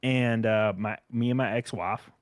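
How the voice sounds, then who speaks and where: A man's voice: medium pitch, a little slow, dry recording, studio quality. A young man co-hosting a comedy podcast, telling crude rambling stories in casual chat. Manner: crude, rambling storytelling with lively swings. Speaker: podcast co-host.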